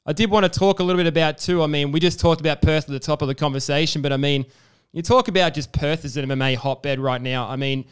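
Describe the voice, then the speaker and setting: A young man talks quickly, hosting a sports podcast in a loose, chatty way. His voice is very clean and clear, and he fills his questions with asides and fillers. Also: on the high side, steady tone. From Australia. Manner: chatty, filler-heavy, enthusiastic. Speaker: podcast host. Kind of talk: casual sports interview.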